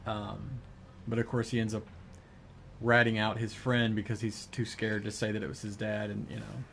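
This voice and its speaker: A man's voice: lowish voice, fairly even intonation, moderate pace, vocal fry, a little hiss or hum. A man chatting casually with his viewers while gaming, rambling with lots of fillers and restarts. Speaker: live streamer.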